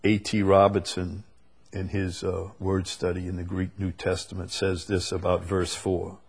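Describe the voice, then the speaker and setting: Low husky-voiced male Bible teacher. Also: completely flat delivery. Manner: earnest, repeats key phrases, reads scripture slowly; speaks to a live group.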